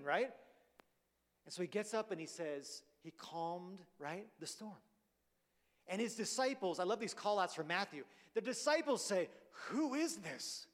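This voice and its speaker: A man's voice: high-pitched, animated, fairly quick. Man preaching in a big reverberant hall. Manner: conversational, often asks "right?". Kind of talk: sermon.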